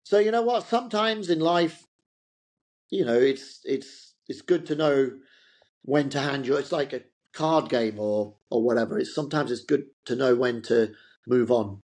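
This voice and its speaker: A man's voice: mid-range voice, normal speed, a little mellow. A middle-aged man, a fashion entrepreneur as an interview guest, telling loose, rambling stories in a chatty way. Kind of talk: casual anecdotal interview talk.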